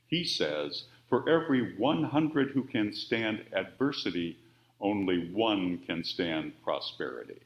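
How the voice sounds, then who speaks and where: A man preaching a sermon, by turns emphatic and quiet. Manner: expressive, with wide swings of pitch and volume. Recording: roomy, dull-sounding church audio.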